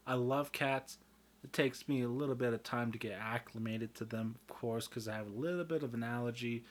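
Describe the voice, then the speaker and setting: A man's voice: medium pitch, moderate pace, a bit bright. A man in a casual, rambling monologue, swearing freely and losing his train of thought.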